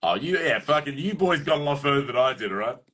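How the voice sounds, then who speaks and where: Lively, bright Australian guy. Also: medium pitch, fast talker, slightly rough. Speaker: reality show contestant. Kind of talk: casual chat.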